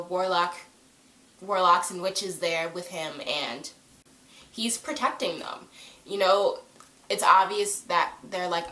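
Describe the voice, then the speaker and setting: Young woman, casual recap vlog, gushing chatty delivery, slightly low voice, roomy echo. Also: bright, forceful tone. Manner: gushing, chatty, full of "like" and acted-out quotes. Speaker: vlogger reviewing a TV episode.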